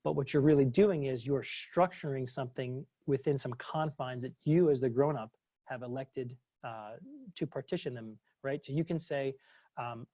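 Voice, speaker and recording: A man's voice: medium pitch, moderate pace, dark tone, no room sound. A man gives a casual webinar talk as a former psychologist, chatty and full of fillers and restarts. The sound is dry and a little dull, like a computer mic on a video call.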